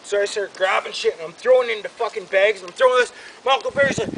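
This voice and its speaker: A man with a high voice spins a wild, profanity-laced story in an easy, casual way. He keeps piling on the swearing and pushing forward with animated energy. The recording carries a clear layer of background noise. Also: low-quality recording. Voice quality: heavy swearing, animated, fast-building rants.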